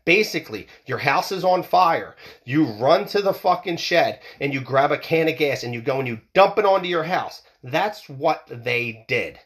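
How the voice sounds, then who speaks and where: A man delivering a fired-up, profanity-laced rant. His voice sits a little high and swings widely in pitch as he pushes his points. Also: expressive, moderate pace, few pauses. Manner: heated, profane, ranting, repeats himself. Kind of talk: political rant monologue.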